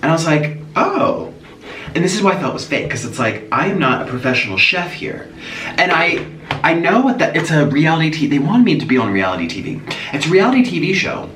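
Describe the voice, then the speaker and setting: A man vlogging as he eats, chatty and animated, breaking off with sudden gasps and exclamations. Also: a little high, quick pace. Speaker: mukbang vlogger. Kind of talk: casual chat while eating. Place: echoey room at home. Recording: echoey room, voice from a distance, faint noise.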